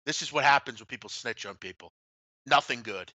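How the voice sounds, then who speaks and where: A man's voice: medium pitch, brisk, pushed and bright, no echo. A man co-hosting a sports betting talk show, ranting bluntly and swearing freely as he tells stories. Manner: blunt and profane, ranting storyteller. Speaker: podcast co-host.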